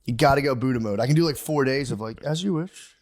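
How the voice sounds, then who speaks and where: A man's voice: mid-range voice, fast. A man co-hosting a podcast in casual comedic chat, acting out his own lines, swearing freely and laughing often. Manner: animated storyteller, acts out his own lines. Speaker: podcast co-host.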